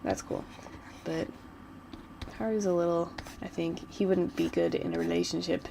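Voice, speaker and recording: A woman's voice: fairly low pitch, sing-song, moderate pace, creaky, long pauses, mellow, slight background noise, rough recording. A woman vlogger chatting casually while she doodles, rambling and giggling like a gushing fan.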